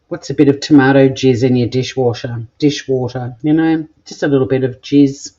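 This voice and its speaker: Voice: medium pitch, fairly even intonation, moderate pace, mellow, lo-fi sound. A home cook with an Australian accent chatting casually while cooking in a home kitchen, joking crudely and rambling as they go. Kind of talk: casual cooking vlog chat.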